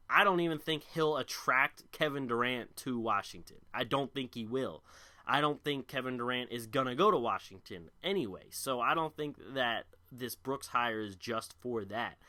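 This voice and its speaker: A man's voice: mid-range voice, bright, forceful tone. A young man hosting a solo sports podcast, giving opinionated, rambling commentary with frequent restarts. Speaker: podcast host. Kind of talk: solo basketball rant.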